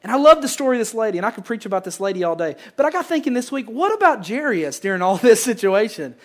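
A pastor preaching a sermon, swinging between loud emphasis and hushed lines and repeating phrases for effect. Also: mid-range voice, sing-song, fast.

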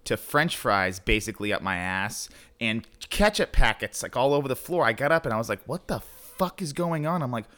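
A man's voice: on the low side, expressive, a little fast, few pauses, sharp tone. A young man co-hosting a podcast, telling rambling anecdotes with frequent laughter in casual chat. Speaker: podcast co-host.

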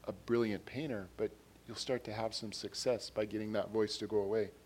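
A man preaching a sermon in an earnest way, repeating his phrases and growing louder when he reads quotes and scripture. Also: fairly low pitch, fairly even intonation, brisk, a little hiss or hum.

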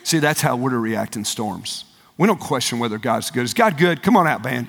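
A male pastor preaching a sermon, impassioned and often shouting, turning to the crowd with asides. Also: medium pitch, expressive, fairly quick, creaky, big-room sound.

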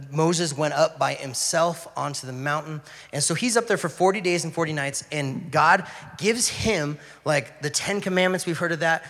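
A man giving a casual, joking Bible talk, acting out quotes in loud bursts. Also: fairly high pitch. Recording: long hall reverb.

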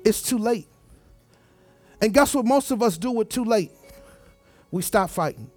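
A man preaching with a strikingly high voice, leaning hard on repeated words and phrases as he presses his point. He talks straight to the congregation, and the sound is close and dry with faint music underneath. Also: lively intonation, a little slow, no room sound. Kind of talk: sermon.

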